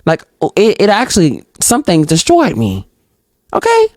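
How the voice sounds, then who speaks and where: A woman hosting a solo podcast, reading out reflection questions and answering them in an animated, outspoken way, talking straight to her listeners and acting out little exchanges. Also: unhurried, dry recording. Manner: acts out little dialogues in higher voices. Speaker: podcast host.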